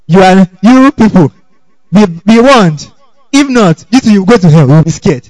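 High-voiced, animated male preacher. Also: normal speed, no echo, poor audio. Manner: animated, keeps asking the congregation "okay?"; chuckles between points. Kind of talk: sermon.

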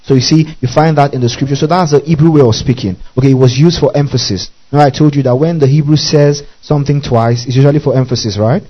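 A man's voice: mid-range voice, fast talker, hardly any pauses. A man teaching a Bible lesson in a church service, repeating each point, spelling out key terms and often checking whether listeners follow. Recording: dull lo-fi recording.

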